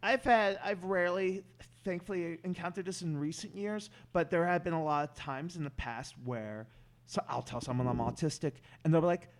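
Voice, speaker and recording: A man's voice: a little high, moderate pace. A man talking as a podcast guest in casual chat, rambling with many restarts and stammered words.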